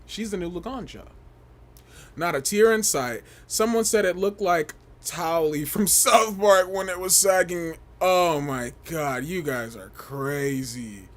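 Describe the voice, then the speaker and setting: A young man hosting a casual livestream, gossiping and reading chat in an animated way, often laughing and breaking into shrieks. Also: a little high, slow. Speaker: livestream host.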